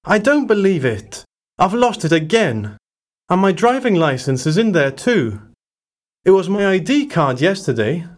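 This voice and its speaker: A man performing scripted everyday dialogue for a listening exercise, with clear, plainly acted delivery. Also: high voice, very animated, unhurried.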